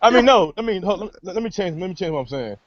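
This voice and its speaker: A man in casual podcast chat, talking haltingly with restarts and heavy swearing. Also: high-pitched, lively intonation, no echo. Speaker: podcast co-host. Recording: lo-fi sound with faint noise.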